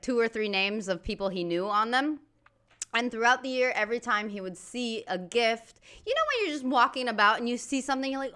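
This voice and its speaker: Chatty American woman, crisp bright voice. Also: mid-range voice. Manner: rambling, chatty, lots of fillers and laughs. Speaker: reaction video host. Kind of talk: casual reaction chat.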